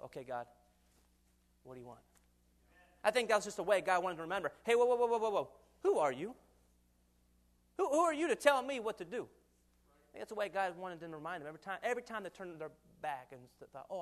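A man in his twenties preaching a sermon in an animated way, acting out quoted voices and chuckling often. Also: high voice. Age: 20s.

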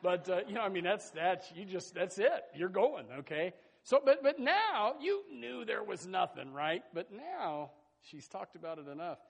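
A man preaching a sermon in a folksy, animated way, with sudden loud bursts and asides to the congregation. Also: high-pitched, moderate pace, gravelly, few pauses, slightly rough. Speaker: pastor.

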